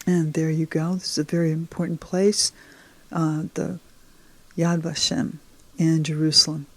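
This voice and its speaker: Sitting low with little pitch movement, the teacher's voice is unhurried, and slight background noise can be heard. She narrates a beginners' Hebrew lesson over slides, patient and encouraging, speaking to the viewer.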